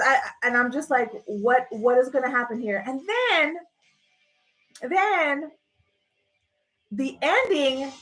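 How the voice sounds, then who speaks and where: Lady ranting on a livestream, kinda high voice, sarcastic, swears a lot. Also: rough recording. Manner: animated, sarcastic, swears freely. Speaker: livestream host. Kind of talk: casual rant.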